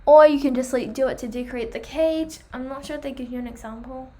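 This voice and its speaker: A young woman chatting enthusiastically while reviewing pet products, full of fillers, her voice going hoarse. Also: sits high, fast talker, dark tone. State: losing her voice. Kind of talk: casual chat.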